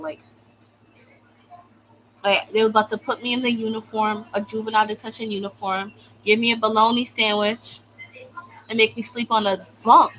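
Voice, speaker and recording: Young adult woman, US-born vlogger, casual storytime rant, sarcastic and dramatic, full of "like", crisp bright tone. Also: on the high side, slight background noise, poor audio. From United States. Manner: exaggerated, sarcastic, fills speech with "like". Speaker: vlogger telling a personal story.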